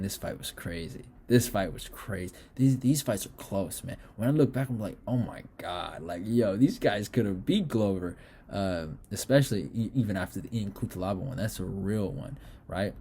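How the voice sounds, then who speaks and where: Hyped guy breaking down a fight, kinda low warm voice, cusses a lot, faint hum behind. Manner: excitable, swears freely, animated asides. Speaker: fight analyst.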